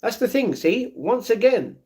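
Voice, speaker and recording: A man's voice: extremely high pitch, big pitch swings, a little slow, darkish tone. A man, livestreaming and answering chat in a downcast, blunt way. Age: 40s. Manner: downcast, blunt, reads chat messages aloud and answers them.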